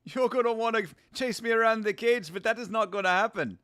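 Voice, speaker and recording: A man's voice: sits high, a little fast, a bit bright, clear, resonant tone. A man putting on a cocky South African champion fighter with a South African accent, boastful and taunting.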